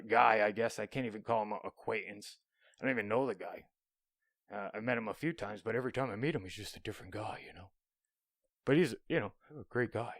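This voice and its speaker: A man's voice: mid-range voice, gravelly, dry recording. Profane rambling man, dry close sound. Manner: profane, rambling, drops into whispers. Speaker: podcast host. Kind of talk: solo storytelling monologue. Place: small room, alone.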